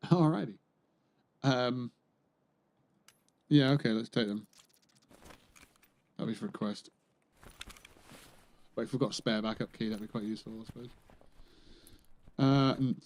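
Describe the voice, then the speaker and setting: A man's voice: medium pitch, unhurried, pauses often, darkish tone. A man chatting casually while playing a game on a livestream, muttering to himself and swearing dryly, close to his microphone. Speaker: streamer. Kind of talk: casual gameplay livestream commentary.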